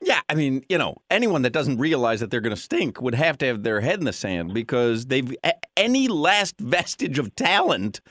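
Male radio host, lively swinging pitch, jokey riffing style, dry studio sound. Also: moderate pace, dry recording. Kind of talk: sports radio chat.

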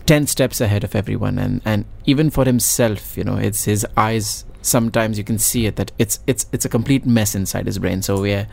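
A man's voice: fairly low pitch, a little fast, gravelly, few pauses, darkish tone. A man, a stage actor from Pakistan, speaking earnestly in an interview, stressing words by repeating them. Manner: earnest, emphatic repetition. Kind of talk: radio interview.

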